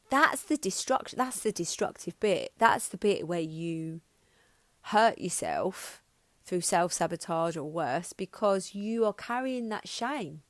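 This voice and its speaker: A podcast host in her thirties, speaking in a medium-pitched voice with no echo, delivers a candid personal monologue. She talks frankly and emotionally about her own life, restarting often and swearing now and then.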